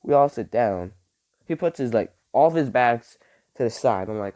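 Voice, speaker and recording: A young man vlogging, telling a school story in a casual, animated way, swearing and saying "like" a lot. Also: mid-range voice, normal speed. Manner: animated, swears, heavy use of "like".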